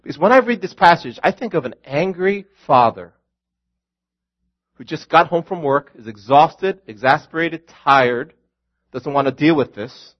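A pastor preaches with earnest conviction, calling his listeners friends and repeating his key lines. His voice sits high for a man. The recording sounds dull and lo-fi. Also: lively intonation, measured pace. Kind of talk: sermon.

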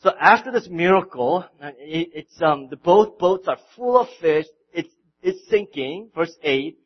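Man, sermon, high voice, animated preaching, loud and soft swings. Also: measured pace, slightly rough, lo-fi sound. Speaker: pastor.

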